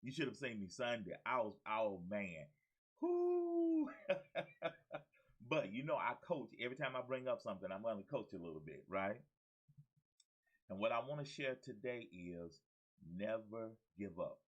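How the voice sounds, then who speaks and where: A man hosts his own motivational coaching show, speaking to camera with exuberant energy, repeating key phrases and calling out to listeners like a preacher. His voice is lowish and a bit bright, with lively intonation and a normal pace. The recording sounds muffled.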